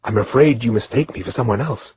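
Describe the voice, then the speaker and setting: A man voicing a kind young noble maiden with a gentle, teasing manner, in a slightly dull lo-fi recording. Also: medium pitch, a little fast, a little hiss or hum, pitched above the performer's own voice, natural voice.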